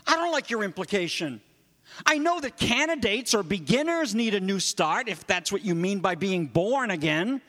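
A man's voice: sits high, very animated, moderate pace, bright, forceful tone, exaggerated voice. A man voicing a bewildered, proud older male teacher who pleads defensively. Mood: indignant. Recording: long hall reverb.

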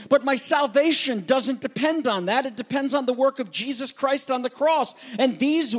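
A man preaching a sermon as pastor, swinging between loud emphatic peaks and hushed, quiet lows. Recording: hall reverb.

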